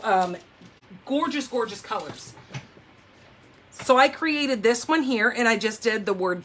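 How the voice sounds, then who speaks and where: Chatty woman hosting a craft livestream. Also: mid-range voice. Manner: chatty, animated storyteller, says "oh my gosh" and "like" a lot. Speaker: papercraft livestream host. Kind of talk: casual chat while demonstrating card making.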